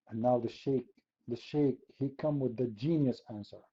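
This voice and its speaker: A man's voice: medium pitch, moderate pace, warm tone, husky, highs cut off. A man from the Middle East, hosting an online chat room debate in a sarcastic, mocking, argumentative way. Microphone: computer mic.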